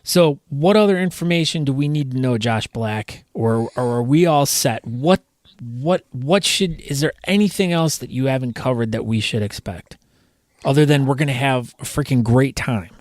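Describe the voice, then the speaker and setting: A man's voice: medium pitch, normal speed, no echo. A man with a mid-range voice hosts a chatty podcast interview. He asks questions and throws in playful teasing. The sound is dry and close. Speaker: podcast host.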